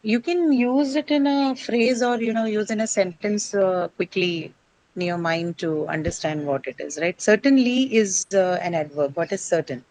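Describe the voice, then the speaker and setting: A woman's voice: medium pitch, moderate pace, darkish tone, dry recording, low-quality recording. A woman teaching an English pronunciation lesson, patiently explaining and asking the class questions, often checking with "right?". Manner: patient, explanatory, asks questions then answers them, frequent "right?".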